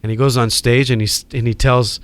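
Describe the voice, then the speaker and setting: Hawaiian man, middle-aged, animated storyteller, podcast guest, medium pitch, smooth tone. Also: fast talker, dry recording. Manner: animated storyteller acting out quoted voices.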